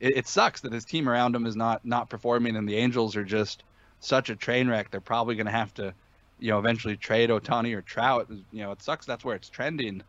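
A man's voice: mid-range voice, fairly even intonation, a little fast, fairly bright tone, no echo, muffled recording. A man talking sports betting in a casual podcast chat, emphatic and opinionated, with many fillers and restarts.

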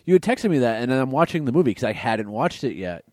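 A man's voice: mid-range voice, big pitch swings, fast talker, a little mellow, no room sound. A man co-hosting a casual podcast, answering with dry, mock-exasperated banter. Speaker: podcast co-host.

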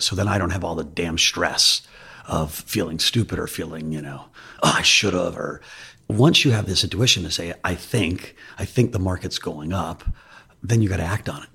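A middle-aged man, an investment firm chief, telling candid stories in a relaxed interview with frequent restarts. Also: sits low, creaky, slightly rough. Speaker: investment firm CEO, guest. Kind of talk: conversational interview storytelling.

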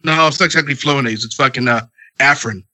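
A man's voice: medium pitch, fast talker, bright, forceful tone. A congested man in his thirties ranting profanely about his night at home, as a podcast co-host. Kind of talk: casual chat.

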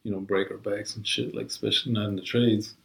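A man's voice: on the low side, flat delivery, quick pace, creaky, roomy sound, poor audio. A man in casual chat, talking in a rambling, profane way full of "like" and "you know".

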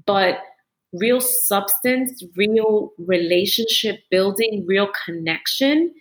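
A woman's voice: mid-range voice, lively intonation, slow, rough recording. A woman hosting a casual interview, speaking in an openly emotional, reflective way. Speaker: host.

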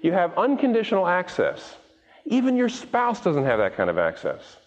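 A male pastor with a high voice preaches a sermon at a moderate pace, his delivery animated and wide-ranging, and he often repeats a word as he restarts. He acts out the voices of those he quotes, and the muffled, dull recording carries the long reverb of a large hall.

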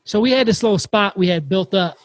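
A man hosting a podcast, telling a campfire story in a casual, animated way and swearing freely. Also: sits high, a little fast, dry recording. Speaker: podcast host.

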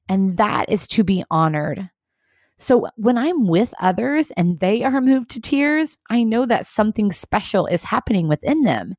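A woman hosting a leadership video series, giving an earnest, encouraging, measured motivational talk. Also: medium pitch, darkish tone, no room sound, clean studio sound. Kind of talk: scripted motivational talk to camera.

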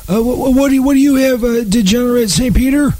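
High-pitched guy bickering in a comedy bit, stammery, swears a lot, dry close mic. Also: quick pace, warm tone, no echo. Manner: stammering, defensive, profane. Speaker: comedy sketch performer. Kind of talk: comedic banter.

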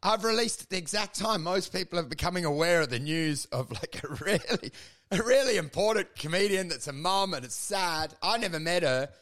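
A man's voice: high voice, a little fast. A man co-hosting a podcast, telling crude, rambling comic stories in casual chat. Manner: crude, rambling, animated storytelling with mocking put-on voices. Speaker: podcast co-host.

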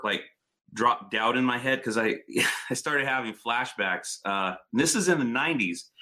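A man telling car stories in casual, profane, animated chat. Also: mid-range voice.

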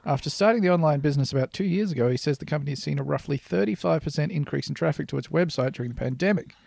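A man's voice: fairly high pitch, very fast, gravelly, a little mellow, no echo. A man co-hosting a podcast, chatting casually, swearing freely and reading news articles aloud. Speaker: podcast co-host.

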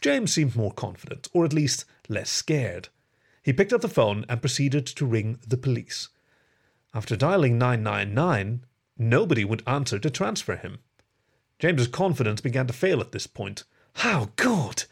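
A man narrating a story as the host of a fireside reading show, measured and expressive. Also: medium pitch, creaky, husky.

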